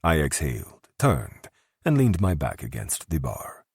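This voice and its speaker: A man narrating a dark romance audiobook in the first person, gruff and menacing in tone. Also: rumbling low, wildly swooping pitch, measured pace, no room sound, studio quality.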